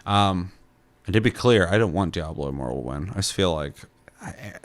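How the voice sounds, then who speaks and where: A man's voice: low voice, lively intonation, moderate pace. A young man co-hosting a casual podcast, talking loosely with restarts and casual swearing. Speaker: co-host.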